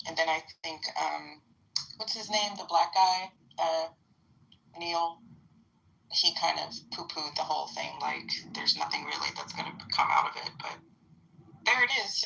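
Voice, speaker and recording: A woman's voice: sits low, vocal fry, bright, forceful tone. A woman in her fifties chatting casually on a live panel, rambling with many fillers. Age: 50s. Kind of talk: casual chat. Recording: phone-like line.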